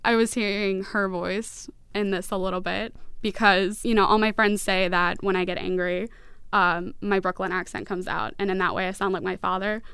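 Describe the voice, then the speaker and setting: Woman author from new york talking about her story, casual, um-ing, crisp voice. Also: mid-range voice, flat delivery, normal speed, fairly bright tone, no room sound. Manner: reflective, casual with fillers. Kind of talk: reading and discussing her fiction.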